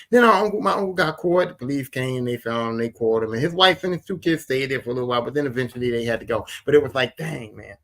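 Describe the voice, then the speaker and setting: Bright-voiced man telling stories. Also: mid-range voice, very fast, gravelly, hardly any pauses. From Philadelphia. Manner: animated, repetitive, emphatic retelling. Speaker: podcast host. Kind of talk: casual storytelling.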